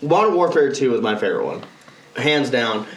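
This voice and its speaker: A young man co-hosting a casual podcast, telling gaming stories in an excitable, profane way with sudden shouted outbursts. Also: mid-range voice, moderate pace, roomy sound. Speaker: podcast co-host. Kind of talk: casual chat.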